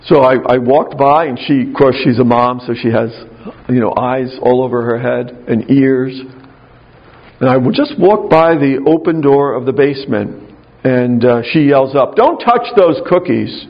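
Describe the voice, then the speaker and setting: Gravelly man, mid-pitched, wry storytelling speaker; dull lo-fi recording. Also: normal speed. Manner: conversational, anecdotal, wry. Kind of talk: spiritual talk with personal storytelling.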